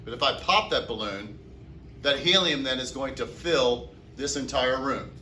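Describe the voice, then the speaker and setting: A man's voice: mid-range voice, a little slow, sharp tone, a little hiss or hum. A man teaching chemistry to a classroom, asking the class questions and answering them himself. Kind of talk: classroom lecture. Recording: echoey classroom from far off.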